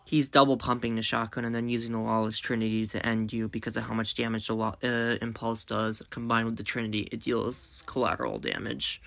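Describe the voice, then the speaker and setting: A woman doing reaction commentary in an exasperated, ranting way, her voice strained from yelling. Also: very deep voice, animated, a little fast, vocal fry, few pauses, no echo, studio quality. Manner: exasperated, ranting, swings into outbursts. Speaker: commentary creator.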